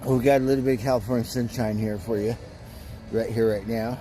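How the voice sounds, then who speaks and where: A man's voice: medium pitch, steady tone, fairly quick, mellow. Casual man chatting on a livestream. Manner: rambling, talks to his cats in a cooing voice; laughs easily, swears casually. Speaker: livestream host.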